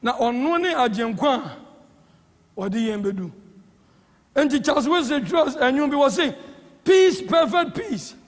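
A man with a Ghanaian accent preaching a sermon as presiding elder, swinging between impassioned shouts and hushed tones. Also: very high-pitched, lively intonation, a little slow, long pauses. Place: church hall. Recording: church hall with long reverb.

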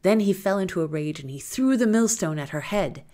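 A woman reading a folktale aloud in a lilting, expressive storytelling manner. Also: mid-range voice, brisk.

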